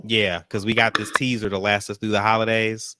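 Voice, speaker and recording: A man co-hosting a casual reaction chat, animated and direct with his listeners. His voice is bright and smooth, recorded close and dry. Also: on the low side, fairly quick, no echo. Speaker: co-host of a reaction show.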